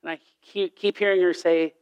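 High-voiced animated male preacher. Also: moderate pace, clear, resonant tone, lo-fi sound. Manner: animated storytelling, acts out voices in quotes. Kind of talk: sermon.

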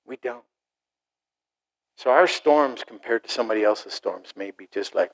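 A middle-aged man preaching a sermon to a congregation, animated, acting out short mocking voices and asides. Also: medium pitch, normal speed, poor audio. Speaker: pastor.

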